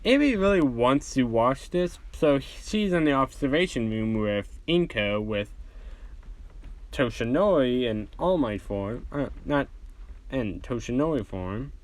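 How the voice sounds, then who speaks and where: A man's voice: medium pitch, lively intonation, measured pace. Rambling male storyteller. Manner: rambling, filler-heavy. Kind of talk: casual fan-fiction storytelling.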